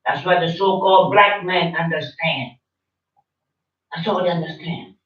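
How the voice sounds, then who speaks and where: Forceful older man preaching in an echoey room. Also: on the high side, unhurried. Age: 70s. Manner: forceful, repetitive, confrontational preaching. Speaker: religious teacher. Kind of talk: sermon. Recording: roomy, distant, dull-sounding recording.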